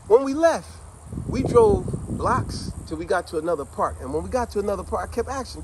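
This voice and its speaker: A middle-aged man casually telling a childhood story to camera in a conversational, slangy, animated way. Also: high-pitched, fast, noisy background.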